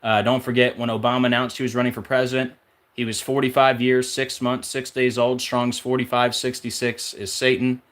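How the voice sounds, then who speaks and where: A man's voice: mid-range voice, flat delivery, fairly quick, a bit bright. Rambling man listing number links. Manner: off-track, searching aloud with fillers. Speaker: numerology video host. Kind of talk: casual rambling monologue.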